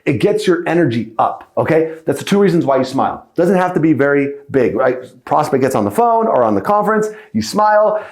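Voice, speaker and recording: A man teaching sales calls in a podcast lesson. He coaches in a lively way, checks in often with "right?" and "okay?", and acts out sample lines. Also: a little high, brisk, hardly any pauses, roomy sound. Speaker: sales trainer.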